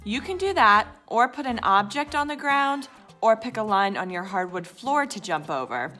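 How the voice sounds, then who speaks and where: A woman's voice: fairly high pitch, lively intonation, normal speed, sharp tone, soft background music. A woman leading children through a jumping game, upbeat and instructive. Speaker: children's activity leader. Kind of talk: leading a movement game for kids.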